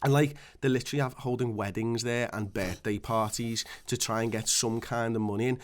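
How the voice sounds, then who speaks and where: A man co-hosting a casual podcast, rambling and animated as he tells stories, swearing freely. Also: mid-range voice, brisk. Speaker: podcast co-host.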